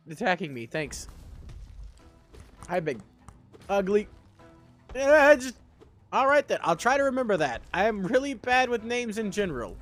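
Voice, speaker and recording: A man's voice: sits high, a bit bright. A young man streaming a game live, joking about himself and chatting with his viewers. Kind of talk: live gameplay chat.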